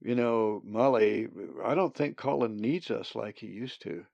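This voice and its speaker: A man voicing a calm, practical male raven who speaks in a matter-of-fact way. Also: on the low side, measured pace, gravelly, no room sound. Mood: reassuring. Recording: dull, slightly muffled sound.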